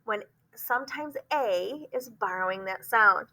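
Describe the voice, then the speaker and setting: A woman teacher explaining phonics, often pausing with "um" and sounding words out slowly. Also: medium pitch, animated, sharp tone, poor audio. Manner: explanatory, frequent "um" fillers, slow demonstrations of words.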